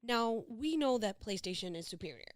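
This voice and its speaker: A woman co-hosting a casual podcast chat, excitable, laughing often and trailing off mid-sentence. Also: fairly high pitch, moderate pace, dry recording, clean studio sound. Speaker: podcast co-host.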